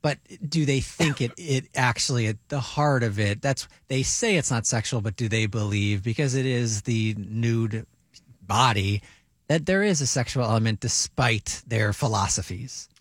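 A man's voice: mid-range voice, normal speed, no echo, clean studio sound. A man co-hosting a morning radio show, asking long probing questions. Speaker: radio co-host.

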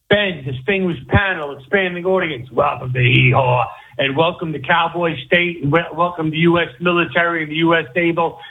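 Rambling enthusiastic caller over the phone. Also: male voice, fairly high pitch, husky. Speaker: radio caller. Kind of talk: phone-in storytelling. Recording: tinny phone line.

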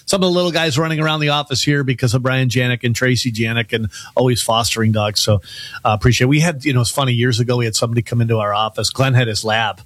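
A man's voice: mid-range voice, steady tone, quick pace, fairly bright tone, dry recording. A man hosting a radio talk show, chatting casually and laughing while he retells stories.

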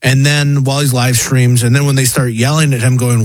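A man's voice: mid-range voice, little pitch movement, fairly quick, no echo. A man co-hosting a casual commentary chat, eagerly explaining a story and acting out the quotes. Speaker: co-host.

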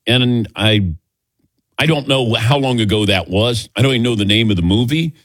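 A man hosting a sports talk radio show, chatting casually and telling animated stories with quick laughs. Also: medium pitch, no echo. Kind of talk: casual morning radio banter. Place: radio studio.

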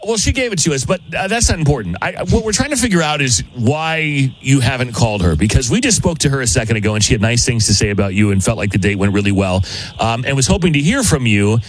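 A man hosting a morning radio call-in segment talks quickly and with a very lively, swinging pitch. He questions the caller in a brisk, teasing way from a studio mic. Faint room ambience sits behind him. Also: slight background noise, rough recording. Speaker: radio show host.

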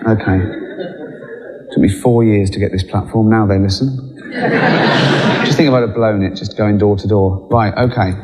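A man's voice: fairly low pitch, steady tone, normal speed, pauses often, over a noisy crowd. A man telling a stand-up comedy story in a dry, conversational way. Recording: long hall reverb.

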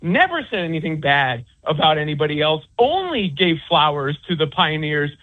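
A man's voice, slightly raised in pitch and husky, comes down a tinny phone line. He is a sports writer answering interview questions, circling his point with restarts, fillers and stacked examples. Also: sing-song, normal speed. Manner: rambling, many restarts and fillers. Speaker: author and sports commentator.

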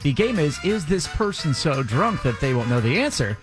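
A male radio co-host with a fairly high, very lively voice, explaining a game with playful energy. Music plays clearly under him in the studio. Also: moderate pace. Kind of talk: radio segment storytelling.

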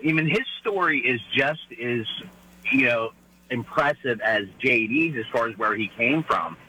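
A man's voice: medium pitch, pushed and bright, slight background noise, poor audio. A man with a Pittsburgh accent calling into a radio show, rambling with lots of "you know" fillers. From Pittsburgh area. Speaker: caller.

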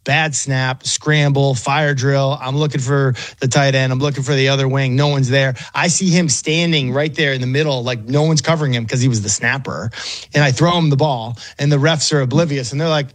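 Chatty former quarterback telling stories. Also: male voice, medium pitch, fairly even intonation, a little fast, no room sound. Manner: chatty, self-deprecating, quotes people in put-on voices. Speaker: former NFL quarterback, guest. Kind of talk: casual storytelling interview.

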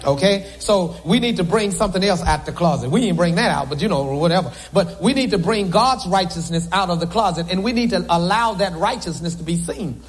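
A man's voice: high-pitched, expressive, fairly quick, hardly any pauses. A man preaching a sermon to a congregation from the pulpit, with joking asides to the crowd. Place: church sanctuary.

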